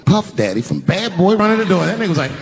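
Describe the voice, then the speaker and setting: Animated profane male stand-up storyteller. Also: high-pitched, fast, vocal fry, slight background noise. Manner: animated, profane, acts out scenes. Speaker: stand-up comedian.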